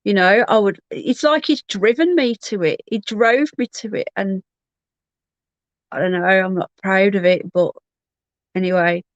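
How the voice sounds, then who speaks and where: A woman's voice: mid-range voice, unhurried, no room sound, highs cut off. Woman rambling thru a story on her stream, dry close sound. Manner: candid, rambling, frequent restarts. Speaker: livestream host. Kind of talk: casual personal storytelling.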